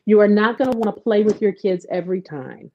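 A woman's voice: mid-range voice, a little fast, lo-fi sound, slight background noise. A woman guest, a mother, talking casually and acting out quotes as she tells stories about her children. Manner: animated storyteller, acts out quotes. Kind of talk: casual conversation.

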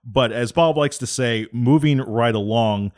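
A man hosting a podcast, talking in an easygoing way and dropping softly into asides. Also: medium pitch, unhurried. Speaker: podcast host. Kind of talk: casual show hosting.

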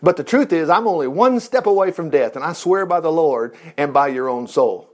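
An anxious young man on the run pleads earnestly with his friend, as a male Bible teacher reads his part. He sounds urgent and sincere, with a slightly high voice. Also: expressive, moderate pace, lightly acted.

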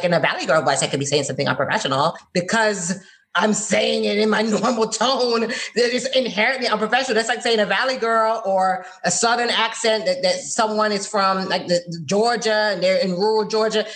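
A woman from Florida, a guest in a conversational interview, talking in an animated, expressive way as she tells her stories. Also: mid-range voice. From Florida, USA.

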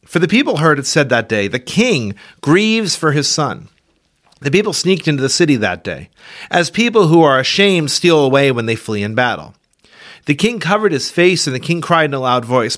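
A man reading scripture aloud for a church podcast, giving the quoted speech a raised, expressive delivery. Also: medium pitch, moderate pace. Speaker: Bible reader.

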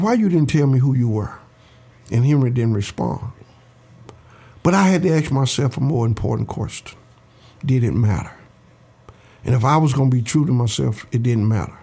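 An older man, his voice gravelly and mellow. He tells his story to an interviewer slowly and earnestly, and he acts out the voices of the people he quotes. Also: mid-range voice. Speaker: interview guest.

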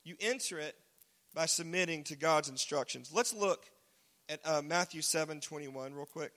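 A man preaching a casual, joking sermon, now and then shouting single words for emphasis. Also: on the high side, normal speed. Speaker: pastor. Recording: long hall reverb.

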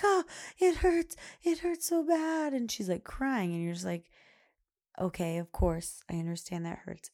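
A woman's voice: fairly low pitch, vocal fry, warm tone. A young woman hosting a podcast, talking in a rambling, chatty way full of "like" and "you know". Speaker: podcast host. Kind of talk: casual chat.

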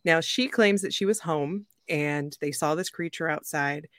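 Animated woman podcast host, dry close mic. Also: low voice, unhurried, no room sound. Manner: animated, jokey, laughs often. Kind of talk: casual storytelling chat.

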